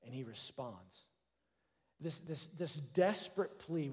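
A man preaching a sermon in an earnest way, with his voice falling softer when he voices prayers. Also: a little high, animated, takes it slowly. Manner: earnest, drops to a soft hush for quoted prayers. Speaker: pastor. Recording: long hall reverb.

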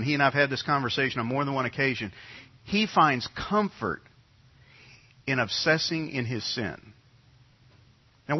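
A man's voice: fairly high pitch, husky. A middle-aged man from New York preaching a sermon as pastor, talking in a conversational way and repeating his key phrases. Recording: dull lo-fi sound.

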